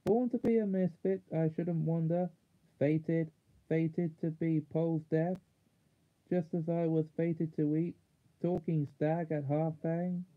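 A man's voice: a little high, fairly even intonation, slow, pitched above the performer's own voice. A man voicing a gloomy male marsh creature who grumbles mournfully, in a storybook reading. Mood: groaning. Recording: narrow phone-like sound.

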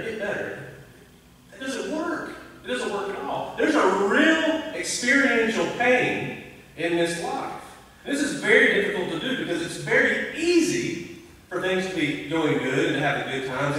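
A man preaching a conversational, animated sermon, recorded from a distance in a church sanctuary. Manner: conversational, animated preaching with sudden rises in pitch. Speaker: pastor. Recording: echoey church hall, voice from a distance.

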